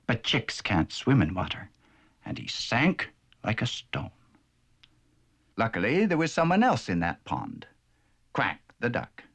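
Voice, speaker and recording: A man narrating a children's cartoon in a gentle, expressive storybook manner. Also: medium pitch, a little slow, pauses often, over loud music.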